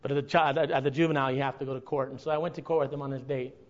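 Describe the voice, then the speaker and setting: A man preaching a sermon to his congregation, earnest and building to impassioned, drawn-out emphasis. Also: medium pitch, steady tone, lo-fi sound. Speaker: pastor.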